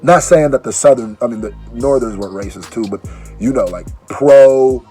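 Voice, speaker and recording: A man's voice: medium pitch, normal speed, dark tone, soft background music. A man who is a musician, chatting loosely in slang for a reaction video, groggy from allergy medicine and restarting his sentences. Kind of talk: casual reaction video chat.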